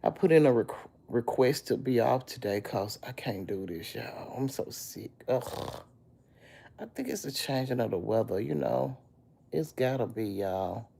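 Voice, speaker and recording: A woman's voice: a bass voice, gravelly, dark tone. A sick woman with a chest cold, lying in bed and chatting on a phone live stream, greeting viewers by name and calling them baby. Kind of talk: casual live-stream chat.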